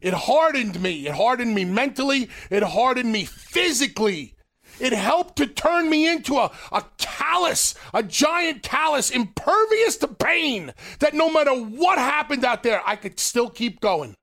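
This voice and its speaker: A man, co-host and former wrestler, telling a story in casual podcast chat, animated and swearing freely. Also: very high-pitched, measured pace.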